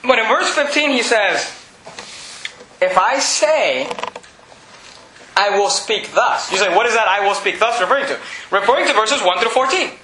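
A man preaching a sermon, his voice pitched very high and ringing sharp and forceful. He presses his points emphatically and often climbs into a shout. The sound echoes through a roomy church, with faint noise underneath. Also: lively intonation, normal speed, long pauses. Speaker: pastor. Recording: echoey room.

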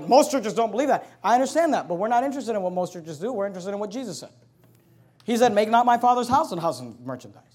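This is a sermon from a male pastor whose voice is very high-pitched. He's direct and forceful, booming out scripture at a slow pace before speeding through fast asides aimed at the congregation.

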